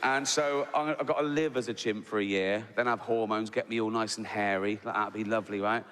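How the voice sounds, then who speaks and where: A man's voice: on the low side, steady tone, fairly quick, a little hiss or hum. Cheeky stand-up man. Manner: rambling, self-interrupting, cheeky. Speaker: stand-up comedian. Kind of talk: stand-up comedy routine. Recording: live theatre stage, big hall, loud background.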